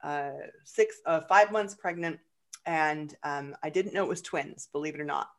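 A woman guest telling a personal story in conversation, halting and repeating words, then growing lively as the story goes on. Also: low-pitched.

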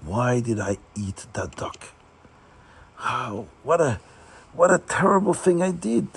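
A man's voice: high voice, very animated, normal speed, creaky, breathy edge, pitched above the performer's own voice, exaggerated voice. A man voicing a pious Jewish man who scolds himself in anguish over a wrong he has done. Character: guilt-stricken pious Jewish man, self-reproaching.

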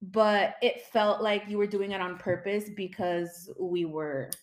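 A woman's voice: mid-range voice, steady tone, unhurried. A young woman hosting a loose, casual podcast chat with a friend. She swears freely and laughs often. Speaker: podcast host. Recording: echoey room.

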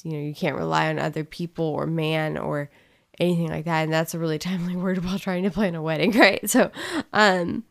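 A woman's voice: low-pitched, fairly even intonation, a little fast, vocal fry. A woman talking candidly in a casual testimony chat, rambling and emotional as she tells her story. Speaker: co-host sharing her story.

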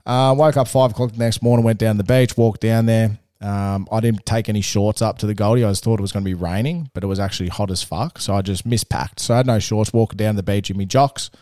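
A man's voice: lowish voice, fairly even intonation, fast talker, hardly any pauses, dark tone, no room sound, clean studio sound. A man with an Australian accent, co-hosting a podcast and telling a rambling, sweary story in a casual chat. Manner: rambling, laid-back, swears freely. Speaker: podcast co-host.

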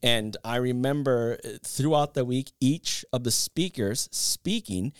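A man co-hosting a podcast in casual chat, an animated storyteller who laughs at his own anecdotes. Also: mid-range voice, unhurried, smooth, no room sound, studio quality. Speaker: podcast co-host.

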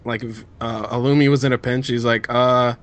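A man's voice: mid-range voice, fairly even intonation, normal speed. A man in a casual podcast chat, chiming in with short agreements and quips.

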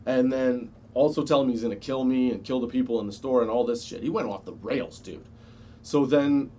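A man's voice: medium pitch, a little mellow. A man telling a casual personal anecdote, swearing freely and chuckling often as he goes. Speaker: storyteller.

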